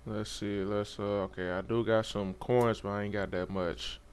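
A young man giving loose, profane, excitable commentary while playing a game. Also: fairly low pitch, normal speed, smooth. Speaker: gamer. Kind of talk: casual gameplay commentary.

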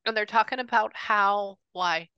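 Bright, crisp woman medium chatting. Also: medium pitch, no echo, muffled recording. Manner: chatty, with quick restarts and repeated phrases. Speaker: psychic medium. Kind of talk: casual reading session with a client.

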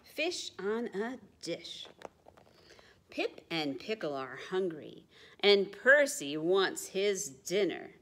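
A woman librarian reading picture books and rhymes aloud to young children, in a sing-song, expressive way that sometimes drops to a hush. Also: mid-range voice, very slow. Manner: expressive sing-song rhyming, dropping to hushed asides. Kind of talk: children's storytime read-aloud.

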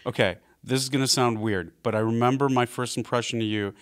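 A male comedian guest chatting on a comedy podcast. He tells his anecdotes in a relaxed, wry, mid-pitched voice. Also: fairly quick. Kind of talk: casual comedy podcast chat.

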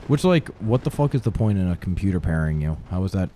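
A man's voice: low-pitched, sing-song, fast, mellow, a little hiss or hum. A man co-hosting a casual gaming stream, commenting bluntly and swearing often as he plays. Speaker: gaming channel co-host.

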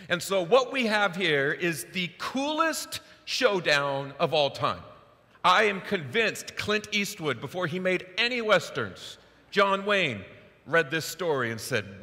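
A male pastor delivers a sermon with loose, conversational energy. His tone is bright and cutting, and a long reverb from the church sanctuary trails after him. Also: a little high, normal speed. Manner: casual, conversational, animated.

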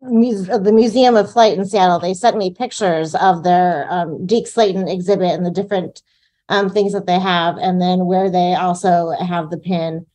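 A woman's voice: on the low side, fairly even intonation, moderate pace, dark tone. A woman, a guest in an interview, talking earnestly and gladly. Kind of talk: conversational interview.

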